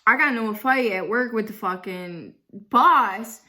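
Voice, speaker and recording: Blunt, bright-voiced young woman. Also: mid-range voice, measured pace. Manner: fills speech with "like", swears freely; blunt and outspoken. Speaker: vlogger. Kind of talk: casual storytime.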